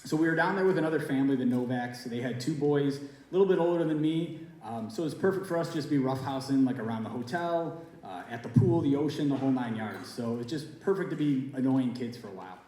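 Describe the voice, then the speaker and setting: A man's voice: medium pitch, lively intonation, quick pace, few pauses, darkish tone. A man of about forty, a teacher, telling a personal story at a school event in a casual, conversational way with lots of fillers. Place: school auditorium or hall. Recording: very echoey hall.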